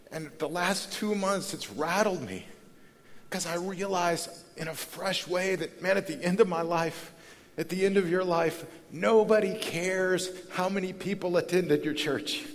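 Candid pastor in a reverberant hall. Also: male voice, high voice. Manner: candid, conversational, swings from hushed to loud and animated. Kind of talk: conference sermon.

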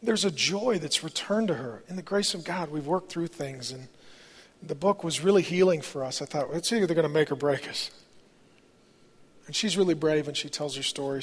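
A man's voice: fairly high pitch, husky. A pastor in his forties, a man, preaching a sermon with candid, conversational personal stories in a large church auditorium. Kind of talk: storytelling sermon. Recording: long reverb of a large hall.

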